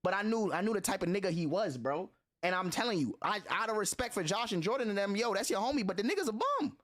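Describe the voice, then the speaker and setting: A man's voice: high voice, lively intonation, fast, fairly bright tone. A man streaming, telling a story to his chat in an earnest, blunt way with heavy slang and a lot of repetition.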